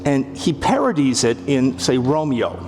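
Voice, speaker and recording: A very animated, mid-range voice with a darkish tone comes from a middle-aged man with a Canadian accent who speaks a little slowly, over slight background noise. This literature professor acts out quotes in a wry, humorous public lecture before a live audience on a theatre stage. The large hall adds long reverb and faint ambience.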